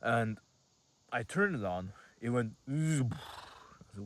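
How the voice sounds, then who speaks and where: A man's voice: medium pitch, lively intonation, slow pace, a bit bright. An 18-year-old man telling a rambling, casual story to camera, full of fillers and swearing. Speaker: vlogger.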